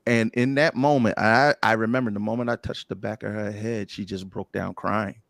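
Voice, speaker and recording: Man, casual podcast guest, playful animated storyteller, dry mic. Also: lowish voice, moderate pace, creaky, dry recording. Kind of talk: candid casual chat.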